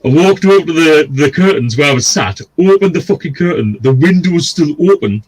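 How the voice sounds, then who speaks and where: A man's voice: on the high side, lively intonation, fairly quick, darkish tone, breathy edge, poor audio. A man, co-hosting a gaming stream and telling a long, sweary, rambling story in a casual way. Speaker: stream co-host.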